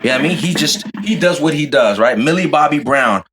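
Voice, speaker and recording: A man co-hosting a podcast, talking in an animated, playful, slangy way in casual chat. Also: a little high, fast talker, crowd noise. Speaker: podcast co-host.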